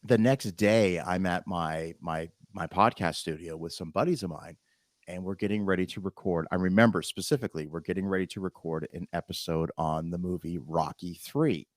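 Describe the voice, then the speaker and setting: A man, a podcast host and film historian, telling an animated story in a casual interview and acting out the voices he quotes. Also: sits low, normal speed, no echo, studio quality.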